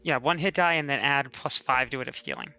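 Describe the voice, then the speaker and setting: A man with a bright, forceful voice who calmly explains rules as a player. His voice sounds dull and lo-fi, with faint music underneath. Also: mid-range voice, fairly quick, no room sound. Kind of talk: tabletop game play.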